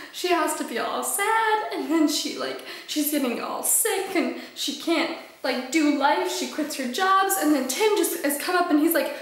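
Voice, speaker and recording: Gushing young woman, very echoey room. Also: high-pitched. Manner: gushing, excitable, lots of fillers. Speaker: book vlogger. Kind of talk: casual book review.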